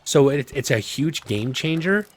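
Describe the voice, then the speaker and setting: A man casually commenting on his gameplay, thinking aloud with relaxed fillers. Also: a little high, a little slow. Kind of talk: casual let's-play commentary.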